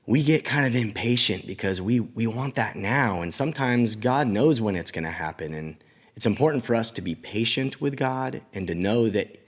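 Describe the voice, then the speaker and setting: A man who teaches children at church, retelling a Bible story in a casual, animated way with chatty asides. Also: on the low side.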